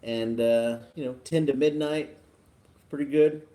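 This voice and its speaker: A man from Texas hosting a casual livestream, chatting in a relaxed, chuckling, rambling way as he reads viewer comments. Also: medium pitch, unhurried. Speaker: livestream host. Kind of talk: casual live chat reading viewer comments.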